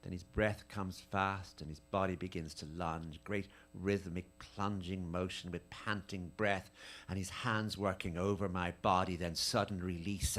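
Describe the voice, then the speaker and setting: A man giving a dramatic reading of letters at a live tribute event, with an intimate, measured, lingering delivery. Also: deep voice, fairly bright tone.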